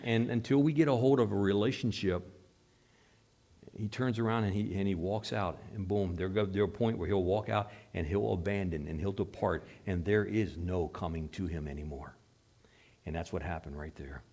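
A man preaching a sermon in a church, with sweeping swings from hushed, low passages to loud, emphatic ones. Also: fairly even intonation, normal speed. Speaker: pastor.

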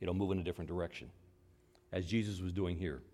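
A man preaching a sermon, emphatic, posing rhetorical questions and swinging between loud and soft. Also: deep voice, fairly even intonation, fast.

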